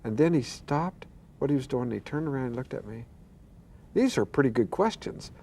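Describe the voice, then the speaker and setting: A man's voice: medium pitch, lively intonation, brisk, creaky, dark tone, a little hiss or hum. Earnest older man telling a testimony. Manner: earnest storyteller who quotes voices and stammers. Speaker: pastor and guest.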